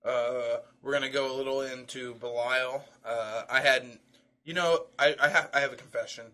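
A man's voice: medium pitch, steady tone, normal speed, pushed and bright. A man co-hosting a casual podcast, rambling through crude jokes with plenty of ums and uhs. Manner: rambling, crude jokey banter with filler. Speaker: podcast co-host. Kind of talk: casual chat.

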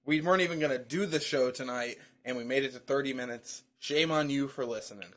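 A man's voice: medium pitch, fairly quick, fairly bright tone. A man co-hosting a casual podcast, rambling through crude jokes with plenty of ums and uhs. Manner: rambling, crude jokey banter with filler. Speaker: podcast co-host. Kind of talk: casual chat.

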